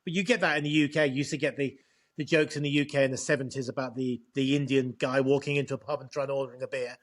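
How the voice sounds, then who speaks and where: A man's voice: medium pitch, steady tone, quick pace. A man with an English accent in casual chat, often stumbling and repeating words as he talks. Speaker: co-host.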